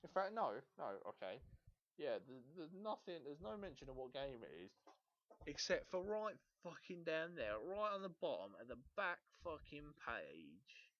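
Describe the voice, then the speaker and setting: A young man rants about games, exasperated and cursing nonstop. His slightly high voice leaps up and down with every complaint. The home recording sounds muffled and lo-fi. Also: moderate pace. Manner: exasperated, swears constantly, animated rant. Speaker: gaming video host. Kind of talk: profane ranting review.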